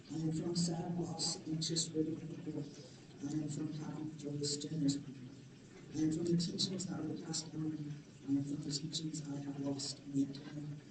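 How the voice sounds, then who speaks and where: A man from Montana and Oklahoma reading his own poem aloud at a conference, slow and measured, a little nervous. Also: a little high. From Montana and Oklahoma, United States. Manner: slow, measured, repeated phrasing. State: nervous, voice slightly shaky. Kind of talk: spoken-word poetry recital. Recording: echoey hall from far off with background noise.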